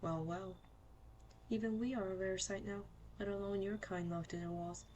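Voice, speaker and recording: A woman voicing an ominous stranger at the door in a horror game, measured and cryptic. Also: mid-range voice, steady tone, dull audio, a little hiss or hum, natural voice. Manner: cryptic, measured, quietly menacing. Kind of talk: reading game dialogue aloud.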